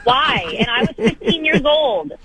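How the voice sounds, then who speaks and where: A woman in her thirties, a guest on a radio show by phone, telling stories with lively self-deprecating humor. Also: high voice, measured pace, poor audio. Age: 30s. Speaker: guest, football TV host. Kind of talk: casual radio interview by phone.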